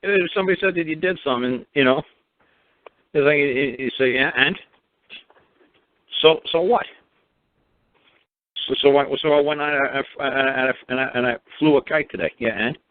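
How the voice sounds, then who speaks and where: A man's voice: fairly high pitch, a little fast, pauses often. A man from New York hosting a call-in show, firing blunt, profane rhetorical questions at a caller. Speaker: radio show host. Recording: tinny phone-line sound.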